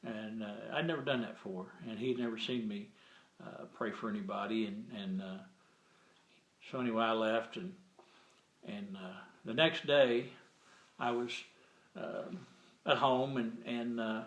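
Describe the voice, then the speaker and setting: A man's voice: on the low side, fairly even intonation, measured pace, long pauses, fairly bright tone, reverberant, rough recording. A man casually telling a personal faith testimony, rambling with many fillers and restarts and retelling conversations with frequent "he said, I said.". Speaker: Christian sharing a testimony. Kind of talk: casual spoken storytelling.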